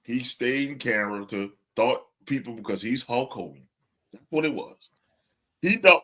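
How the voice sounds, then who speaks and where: A man's voice: mid-range voice, lively intonation, a little slow, pushed and bright. A man co-hosting a podcast in casual chat, ranting with lots of swearing and frequent laughter. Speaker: podcast co-host.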